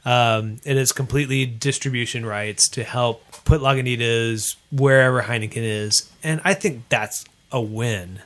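A man's voice: medium pitch, moderate pace, fairly bright tone. A man, a craft beer bar owner, talking earnestly and with firm opinions as a podcast guest. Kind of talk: casual podcast chat.

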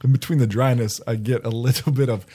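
A man's voice: medium pitch, steady tone, fast talker, dark tone, husky. A man co-hosting a casual chat, telling silly stories and making puns. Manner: goofy storyteller, puns, laughs at own jokes. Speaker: podcast co-host.

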